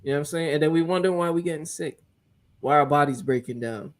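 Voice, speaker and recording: A man's voice: fairly high pitch, fast. Earnest man lecturing in casual chat. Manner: earnest, lecturing, often asks "you get what I'm saying?". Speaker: podcast co-host.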